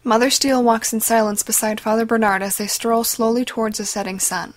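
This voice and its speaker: A woman giving dramatic, measured scripted narration of a story. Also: on the high side, fairly even intonation. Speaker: audiobook narrator.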